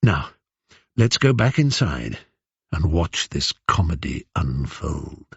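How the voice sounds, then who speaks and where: A man voicing a low, commanding hero king. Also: very animated, slow pace, vocal fry, slightly rough, no echo, muffled recording, exaggerated voice. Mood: wry. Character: cunning hero king, disguised as an old beggar.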